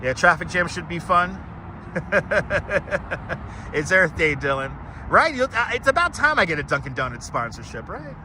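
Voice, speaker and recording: A man's voice: high voice, big pitch swings, measured pace, background noise. A man from Brooklyn, hosting a casual walking live stream and chatting rambly with viewers, greeting them by name. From Brooklyn, New York. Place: outdoors on city streets, walking. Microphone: wireless clip-on mic.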